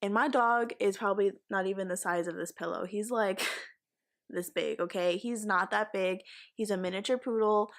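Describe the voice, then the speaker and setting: A woman's voice: medium pitch, normal speed. A young woman telling a frightening story from her life on her vlog, casual and emotional, swearing often. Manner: swearing, emotional retelling with fillers. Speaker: vlogger.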